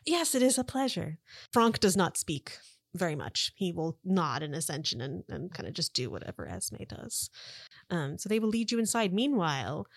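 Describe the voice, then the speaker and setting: A woman's voice: on the low side, big pitch swings, moderate pace, creaky, no echo. A woman narrating as game master for a tabletop game, descriptive and lightly joking.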